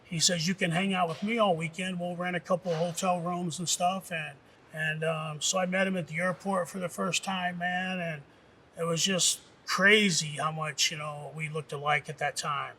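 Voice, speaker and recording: Middle-aged ex-wrestler from Nebraska, slightly high and tense, casual and foul-mouthed, lots of fillers. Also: male voice, steady tone, normal speed, pushed and bright, a little hiss or hum. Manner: rambling, casual, profane, with many fillers. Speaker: former professional wrestler, interviewee. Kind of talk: documentary interview storytelling. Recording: distant mic with faint music.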